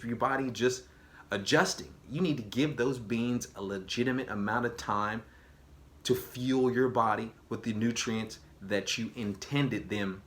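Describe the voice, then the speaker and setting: A man vlogs in a loose, energetic way, full of slang and emphatic repeats. His pitch sits in an ordinary middle range for a man. He often slows down to stress his points. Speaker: vlogger. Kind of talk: casual direct-to-camera talk.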